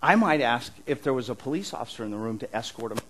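A middle-aged man preaching like a pastor in easy, conversational tones. He talks animatedly at a middling pitch, doubling back over his words and letting out frequent chuckles. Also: quick pace, a little hiss or hum, rough recording. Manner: animated, repeats and restarts words, chuckles often. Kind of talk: conversational sermon.

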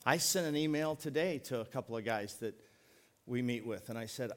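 A middle-aged man preaching a sermon as pastor, folksy and joking, leaning on words by slowing down. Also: medium pitch, expressive. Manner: folksy, joking, emphatic preaching with slowed stresses.

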